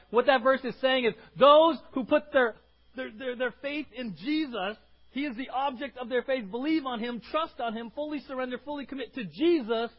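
A man with a high voice preaches a sermon as pastor. He is emphatic, repeats his words and climbs to loud cries. The recording sounds dull and lo-fi.

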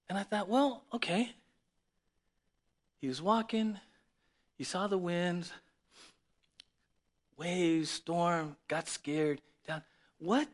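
A man preaching a sermon in an animated, conversational way, often asking rhetorical questions. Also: high voice, a little slow, pauses often. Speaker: pastor.

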